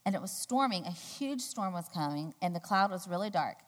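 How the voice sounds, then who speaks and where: A woman giving a sermon, telling a personal story in a chatty, animated way with loud, high quoted outbursts. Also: fairly quick. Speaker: church speaker. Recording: long hall reverb.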